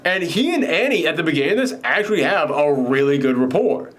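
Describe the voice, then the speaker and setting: A man hosting his own show, casually recapping a film in a rambling, animated way with many fillers. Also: fairly high pitch, fairly quick. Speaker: film reviewer host.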